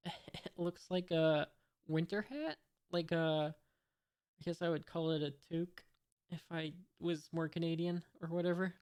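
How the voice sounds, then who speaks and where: A man's voice: on the high side, a little mellow, clean tone. A man from the United States reading a comic aloud for the first time, describing each panel and adding hesitant, wry asides. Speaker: manga reader, channel host.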